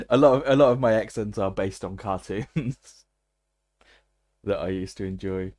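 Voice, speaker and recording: A man's voice: lowish voice, measured pace, a little mellow. A man streaming a game, chatting casually and laughing often. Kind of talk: casual gaming commentary.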